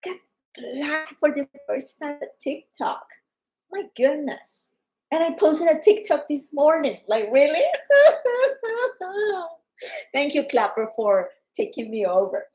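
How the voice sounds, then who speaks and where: A woman from Colombia with a Colombian Spanish accent, chatting casually and excitedly about a wellness product, acting out customers' lines. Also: sits high, unhurried, poor audio. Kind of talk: casual livestream chat.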